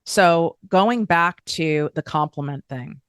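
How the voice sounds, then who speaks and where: A woman's voice: sits low, takes it slowly, clear, resonant tone, dry recording, clean studio sound. A woman hosting a podcast, talking frankly and emphatically in a candid self-help monologue, swearing casually. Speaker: podcast host.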